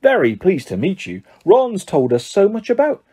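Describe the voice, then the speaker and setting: Weary, stammering storybook wizard dad, soft and husky, as a male narrator puts him on. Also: high-pitched, wildly swooping pitch, moderate pace, voice pushed up, exaggerated voice. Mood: weary, flustered. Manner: tired, mumbling, then flustered. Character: mild, flustered middle-aged wizard father.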